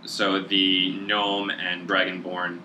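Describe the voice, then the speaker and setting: A man narrating as game master of a tabletop game in a relaxed manner, with frequent fillers. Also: sits low, slow, a little hiss or hum, rough recording. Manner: relaxed, laughing often, filler-heavy.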